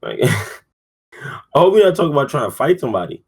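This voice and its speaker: A man's voice: mid-range voice, very animated, fairly quick, breathy edge. A man hosting a podcast, rambling and profane, with many fillers, sounding sleepy. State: yawning, sleepy. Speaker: podcast host. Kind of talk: casual sports talk.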